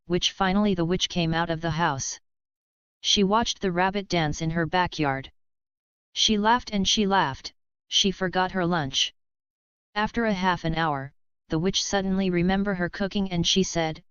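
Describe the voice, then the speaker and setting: A woman narrating a bedtime story in a plain, even storytelling manner, in a dull lo-fi recording. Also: fairly low pitch, a little slow, clear, resonant tone, no echo.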